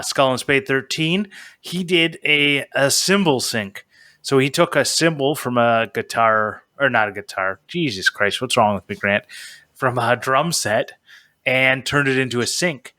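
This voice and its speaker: A man's voice: medium pitch, pushed and bright, no room sound, clean studio sound. A man co-hosting a podcast in casual, teasing chat. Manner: joking, teasing. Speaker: podcast co-host.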